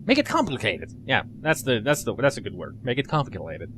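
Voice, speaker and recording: Man, let's play commentary, chatty and joking, very animated pitch, faint noise. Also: brisk. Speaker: gamer commentator.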